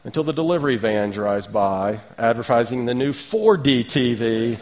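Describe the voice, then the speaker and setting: A man in his thirties giving a sermon, relaxed and conversational, with rhetorical questions and light asides. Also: mid-range voice, normal speed. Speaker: preacher.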